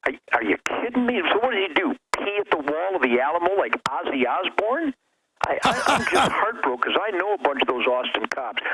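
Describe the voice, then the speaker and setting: A man calling into a radio show, giving a fervent, preachy speech that swings between emotional and loud. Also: mid-range voice, slight background noise, low-quality recording. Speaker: guest caller. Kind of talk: impassioned talk radio rant.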